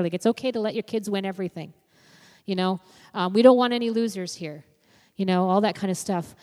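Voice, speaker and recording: A woman's voice: medium pitch, darkish tone. Young woman, youth minister type, casual sermon delivery heavy on fillers; recorded in a church with long echo. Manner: conversational, frequent "you know" fillers. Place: church sanctuary. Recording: long reverb of a church hall.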